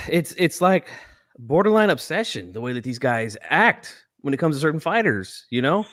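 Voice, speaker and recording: A man's voice: fairly high pitch, big pitch swings, normal speed, a bit bright, no echo, clean studio sound. A man hosting a casual boxing talk show, blunt and opinionated, lecturing his viewers. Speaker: boxing channel host. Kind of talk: casual podcast chat.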